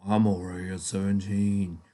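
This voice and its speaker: A man doing a gruff hulking dragon. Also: sits low, level tone, moderate pace, dark tone, natural voice.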